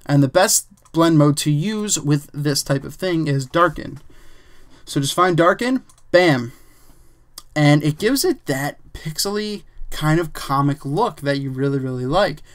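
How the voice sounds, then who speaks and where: Man, somewhat high voice, relaxed tutorial chatter, fillers and "bam"s while editing. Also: unhurried. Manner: relaxed, chatty, says "bam" and "um", thinks aloud while working. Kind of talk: casual screen-recorded tutorial.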